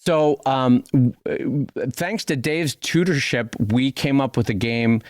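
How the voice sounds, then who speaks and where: A man's voice: medium pitch, takes it slowly, darkish tone, dry recording, studio quality. A man co-hosting a podcast, telling stories in an enthusiastic, rambling way with casual swearing. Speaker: podcast co-host, cartoonist. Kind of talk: casual chat.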